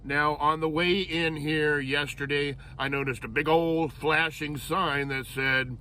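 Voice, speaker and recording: A man narrates his camping vlog outdoors with a relaxed, joking ease. His voice sits a little high and bright, and he takes his time over each thought. Faint outdoor hiss runs behind him. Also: measured pace, few pauses. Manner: jokey, playful and self-amused. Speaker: vlogger. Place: campground outdoors.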